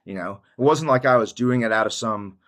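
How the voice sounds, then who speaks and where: A man's voice: medium pitch, a little fast, a bit bright. A man giving a casual testimony monologue to his viewers, rambling in slangy speech, saying "dude" often and laughing mid-sentence. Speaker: YouTuber giving a Christian testimony.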